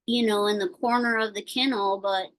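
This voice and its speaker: A woman chatting casually on a video call, telling a worried story in a rambling, halting way with many fillers. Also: medium pitch, steady tone, rough recording. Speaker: participant sharing a concern.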